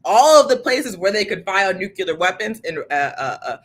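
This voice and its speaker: A woman's voice: medium pitch, big pitch swings, normal speed. A woman co-hosting a political news show, speaking casually and passionately, with sarcasm and lots of fillers. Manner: fiery and sarcastic, casual with frequent "like". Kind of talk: impassioned political commentary.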